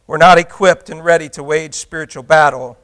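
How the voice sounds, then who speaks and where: High-voiced, bright man preaching a sermon. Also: steady tone, brisk. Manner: swings from loud emphatic preaching to hushed intimate asides; rhetorical questions to the congregation. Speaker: pastor.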